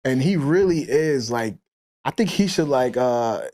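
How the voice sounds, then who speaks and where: A man's voice: medium pitch, lively intonation, measured pace, dark tone. A man from Minnesota, co-hosting a podcast with candid, rambling banter and laughter. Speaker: podcast co-host.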